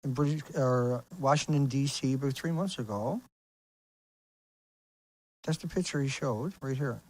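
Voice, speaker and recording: A man's voice: mid-range voice, a little slow, a little mellow, no room sound. A man hosting his own video, talking casually and insistently over pictures on screen, asking rhetorical questions as he rambles. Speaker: video host.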